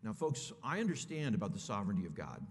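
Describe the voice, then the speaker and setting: A man's voice: fairly low pitch, wildly swooping pitch, fast talker, a little hiss or hum. A middle-aged man preaching, telling a personal story in a conversational way and calling his listeners folks. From California. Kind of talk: sermon storytelling. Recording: echoey hall.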